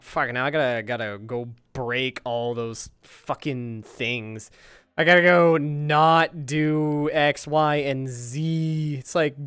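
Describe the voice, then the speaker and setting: A streamer at home, recording in virtual reality, talks casually to viewers out of character, rambling, exasperated and swearing heavily. The mid-range voice is a bit bright and clean, with no room sound.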